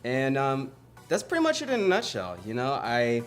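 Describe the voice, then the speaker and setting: A man's voice: mid-range voice, wildly swooping pitch, moderate pace, faint music behind. A young man from the United States, a singer and performer, introducing himself in a wisecracking, playful promo interview.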